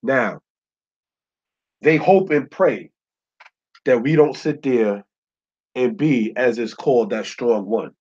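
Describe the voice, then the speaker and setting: Husky-voiced man teaching a Bible lesson. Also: mid-range voice, a little mellow. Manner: preacherly, keeps asking "You understand?"; slows to spell out Hebrew words. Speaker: Torah teacher. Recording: muffled lo-fi recording.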